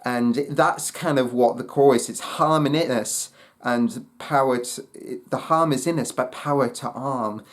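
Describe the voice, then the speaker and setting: A man talks through an album review in an unhurried, halting way. He keeps stopping to search for words, with many fillers and restarts. His pitch sits in an ordinary middle range. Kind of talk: casual spoken album review.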